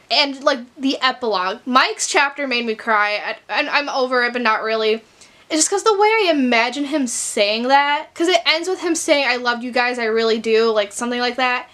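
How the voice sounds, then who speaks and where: This young book vlogger from Chicago, USA, rambles through a casual chat, often using "like" and sometimes growing teary. She has a high, expressive, slightly bright voice at normal speed.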